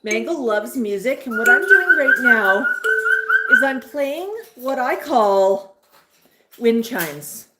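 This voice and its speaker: A woman's voice: on the high side, sing-song, slow. A woman hosting a livestream with her pet parrots, talking to them in sing-song baby talk and reading out viewer chat. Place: home room with parrots. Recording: roomy room with background noise and bird sounds.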